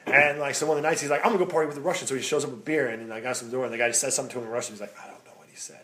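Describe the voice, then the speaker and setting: A man's voice: mid-range voice, steady tone, rapid-fire, pushed and bright. A man from the American Midwest co-hosting a podcast, telling long stories in casual chat, swearing and laughing as he goes. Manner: rambling storyteller, swears, laughs while telling. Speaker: podcast co-host.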